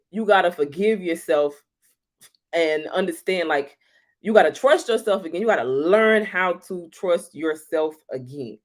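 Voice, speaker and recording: Animated, profane woman talking astrology. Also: on the low side. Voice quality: profane, animated, laughs often. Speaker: astrology talk host. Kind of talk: casual astrology talk.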